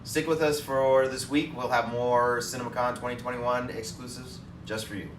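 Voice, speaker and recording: A man's voice: mid-range voice, level tone, normal speed, noisy background. A man co-hosting a casual film chat, upbeat and speaking to viewers, recorded at a distance in an echoey space. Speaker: co-host. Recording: roomy echo, far from mic.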